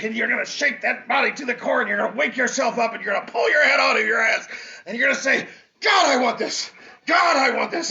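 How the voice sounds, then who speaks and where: A man with an extremely high, gravelly voice and a sharp tone delivers a fiery, preachy motivational speech as a fitness coach, hammering his points home through repetition. The lo-fi audio sounds dull, with faint music underneath.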